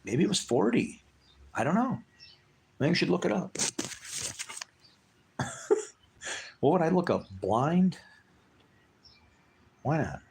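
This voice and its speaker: Gravelly man rambling on a live stream. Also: on the low side, a little hiss or hum. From United States. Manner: rambling, profane, laughs between thoughts. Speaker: livestream host.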